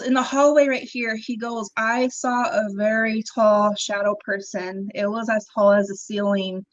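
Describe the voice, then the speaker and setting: A young woman, a podcast guest, telling her own story in a casual, animated way, acting out what people said, with ums and laughs along the way. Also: a little high, moderate pace, few pauses, lo-fi sound. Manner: animated, acts out quoted dialogue, frequent ums and laughs. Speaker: interview guest.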